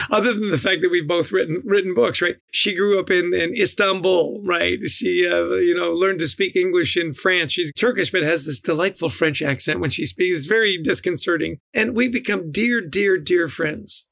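A man's voice: sits high, moderate pace, creaky, fairly bright tone, no room sound. A middle-aged man telling stories as a podcast guest, enthusiastic and given to repeating his words. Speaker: guest, leadership author. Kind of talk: podcast interview.

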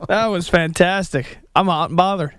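A man's voice: sits high, unhurried, fairly bright tone, dry recording, clean studio sound. Cheeky male radio co-host. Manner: joking, cheeky. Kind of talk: sports talk radio banter.

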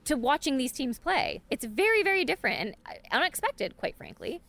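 A woman co-hosting a casual sports chat, animated and laughing often, with lots of fillers. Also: high-pitched, fairly quick, gravelly, a little hiss or hum. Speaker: podcast co-host.

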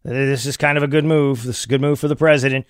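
A man giving opinionated political commentary in an animated way, with many restarts. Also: mid-range voice, quick pace, clean tone, dry recording, clean studio sound.

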